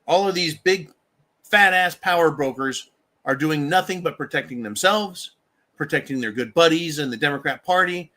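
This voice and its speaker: A livestream host with a bright, forceful voice that sits a little high for a man rants about politics at a moderate pace. He's angry and swears constantly, breaking off to thank viewers for donations.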